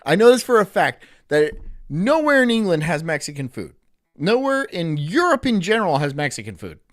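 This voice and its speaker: A man's voice: on the high side, very animated, normal speed, no echo, clean studio sound. A man live streaming, rambling crudely with frequent swearing and laughter. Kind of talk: casual live-stream chat.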